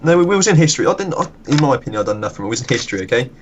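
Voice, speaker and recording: A man's voice: medium pitch, big pitch swings, racing, highs cut off, slight background noise. A young man chatting casually, swearing and laughing at his own school stories. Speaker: streamer. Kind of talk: casual chat.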